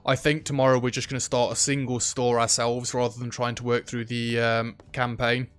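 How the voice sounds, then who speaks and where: Guy doing a chatty let's play, mid pitch, soft game music behind. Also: level tone, normal speed, clean tone. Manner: chatty, jokey, talks to game customers. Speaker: gaming YouTuber.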